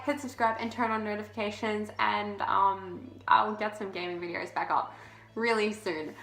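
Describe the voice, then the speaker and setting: A woman's voice: medium pitch, a little slow, bright, forceful tone, faint music behind. Teen girl vlogger, breathless and giggly, casual swearing, roomy echo. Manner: chatty, swears casually, laughs often. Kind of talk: casual chat to camera. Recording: echoey room.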